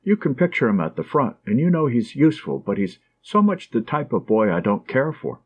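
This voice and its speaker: A man's voice: medium pitch, big pitch swings, brisk, slightly rough. A man voicing a tender, anxious young woman. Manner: soft, affectionate, gently teasing. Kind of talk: audiobook character reading.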